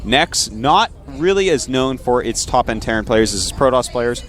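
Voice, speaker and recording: A man's voice: mid-range voice, lively intonation, moderate pace, a bit bright, a little hiss or hum. A man casting a live video game match, bantering playfully with his co-host. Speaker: esports caster.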